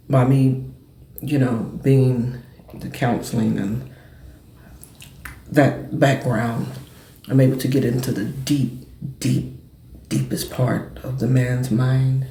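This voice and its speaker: A man hosting a casual sports and cigar talk show, telling stories in quick, animated bursts. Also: mid-range voice, roomy sound, slight background noise.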